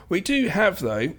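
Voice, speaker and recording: Animated male co-host, pitch a touch high, jumps into character voices mid-recap. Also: slightly rough. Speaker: podcast co-host. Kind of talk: casual film recap chat.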